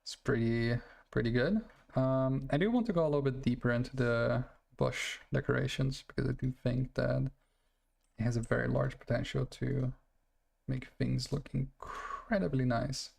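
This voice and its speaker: A man's voice: mid-range voice, moderate pace, gravelly, darkish tone. A man streaming a city-building game, chatting casually as he plays, rambling and correcting himself with little laughs. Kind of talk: casual gameplay commentary.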